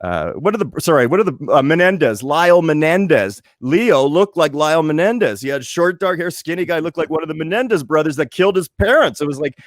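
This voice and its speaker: A man from Winnipeg in his late forties, co-hosting a podcast and telling a story in lively casual chat, acting out the voices as he goes. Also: on the high side, brisk, few pauses, no echo, clean studio sound. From Winnipeg, Canada. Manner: animated storyteller, restarts and acts out voices. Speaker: podcast co-host.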